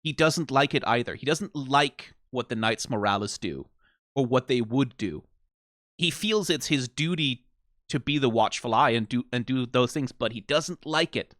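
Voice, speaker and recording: A man hosting an anime reaction, talking in casual, animated commentary, often asking "right?" and laughing. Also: medium pitch, moderate pace, dry recording, clean studio sound.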